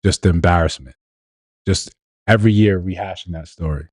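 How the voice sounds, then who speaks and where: Laid-back low-voiced male host. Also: moderate pace, warm tone, no echo, clean studio sound. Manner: laid-back, chuckling, rhetorical questions. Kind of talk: live commentary on viral clips.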